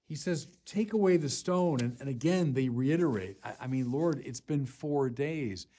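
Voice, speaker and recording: A man, a bishop, preaching a Sunday sermon in earnest, deliberate phrases with pauses, rising in force when he quotes scripture. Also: mid-range voice, lively intonation, warm tone. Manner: slow, deliberate delivery with pauses.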